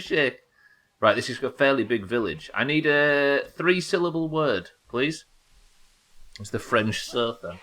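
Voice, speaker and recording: A man's voice: mid-range voice, bright, forceful tone. A man from the UK streaming a video game live, rambling, swearing and chatting with his viewers as he plays. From United Kingdom.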